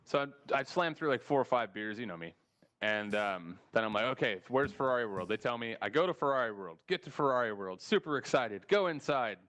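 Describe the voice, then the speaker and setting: A man's voice: mid-range voice, fairly quick. A man with an American accent telling a travel story in casual, profane podcast chat and acting out the dialogue. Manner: animated, swearing, acts out dialogue.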